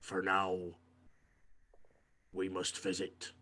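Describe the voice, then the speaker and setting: Casting: gruff warrior played by a man, grave and clipped, very deep and dragging delivery. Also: completely flat delivery, drawn-out words, sharp tone, a little hiss or hum, exaggerated voice. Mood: solemn.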